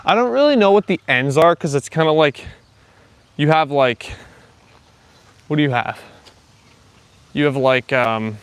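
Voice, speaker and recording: Walking outdoors on a live stream, a young host reads viewer comments and rambles casually, leaning on fillers. His voice is on the high side and animated, a little slow with frequent pauses, and clean in tone. The recording is dry.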